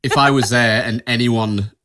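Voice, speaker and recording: A man's voice: mid-range voice, steady tone, normal speed, sharp tone. A man co-hosting a podcast who chips in with wry jokes and dry one-liners in casual chat. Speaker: podcast co-host.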